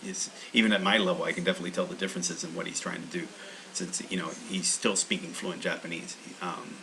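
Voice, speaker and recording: A man's voice: low-pitched, fairly even intonation, quick pace, creaky, background noise. A man hosting a language-learning channel, talking in a meandering, casual monologue full of restarts.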